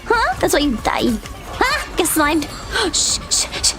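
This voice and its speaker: A woman's voice: extremely high pitch, over loud music. A young woman streaming a game live, shrieking, laughing and pleading as she plays. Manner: excitable, shrieking and laughing under pressure; swears and pleads rapidly. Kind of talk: live gaming stream commentary.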